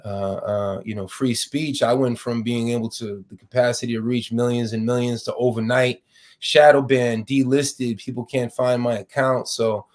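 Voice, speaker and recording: A man's voice: medium pitch, level tone, moderate pace, a little mellow. Impassioned man, New York accent. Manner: many restarts, rising intensity when indignant. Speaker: fired professor, guest. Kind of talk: interview, impassioned argument.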